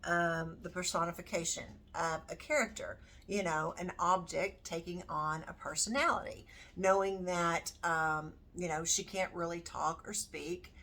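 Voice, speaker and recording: A woman's voice: lowish voice, fairly even intonation, a bit bright. A homeschooling mother talking casually through her curriculum, thinking aloud with plenty of ums and you-knows. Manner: unhurried, thinking aloud with many fillers. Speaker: homeschooling parent.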